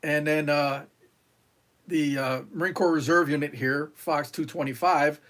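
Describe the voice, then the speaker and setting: A middle-aged man from New York, a retired Marine, talks as a guest on a podcast, and his voice sits a little high for a man. He tells long stories in a rambling way, full of fillers and restarts, and he acts out the lines of the people in them. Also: steady tone, unhurried, a bit bright. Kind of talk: casual interview storytelling.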